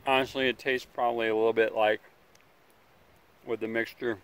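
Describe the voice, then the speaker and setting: A man hosting a casual outdoor survival vlog, talking in a relaxed, rambling way by a campfire, sometimes chewing as he speaks. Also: medium pitch, normal speed, smooth. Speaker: outdoor survival channel host.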